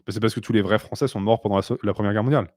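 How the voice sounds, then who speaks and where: A man's voice: on the low side, steady tone, very fast, darkish tone, no room sound, studio quality. Blunt, sarcastic male stream host. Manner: blunt, sarcastic, switches between English and French. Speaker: host answering viewer questions. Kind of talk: casual live-stream Q&A.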